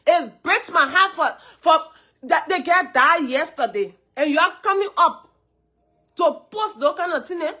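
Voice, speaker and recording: A woman with a Liberian English accent, hoarse from a cold, hosting a live stream, greeting viewers and repeating her points emphatically. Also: extremely high pitch, animated, unhurried, pushed and bright.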